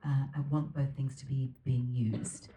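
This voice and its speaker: Speaking as the featured guest at an onstage Q&A in a theater, a woman answers earnestly and reflectively, laughing easily. Her voice is rumbling low, warm and unhurried with little pitch movement, captured from far back in the audience with echo and faint noise.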